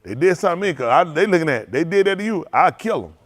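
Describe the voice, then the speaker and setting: A man, a preacher telling loose, animated stories to his congregation, laughing often and repeating himself as he goes. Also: fairly high pitch, racing. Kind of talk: loose storytelling sermon.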